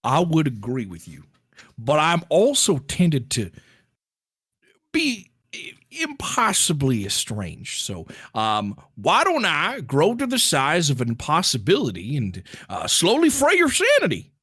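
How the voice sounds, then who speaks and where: A man's voice: a little high, huge pitch swings, measured pace, fairly bright tone, slightly rough, no echo, studio quality, heavily acted. Man playing an eerie ancient cosmic dad. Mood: grandiose. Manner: rambling, theatrical, later a goofy Southern drawl. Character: strange ancient cosmic father, grandiose and odd.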